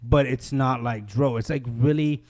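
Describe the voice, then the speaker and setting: A man's voice: medium pitch, steady tone, normal speed, a little mellow. A young man hosting a podcast, telling a story in casual chat, swearing freely and acting out other people's lines. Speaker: podcast host.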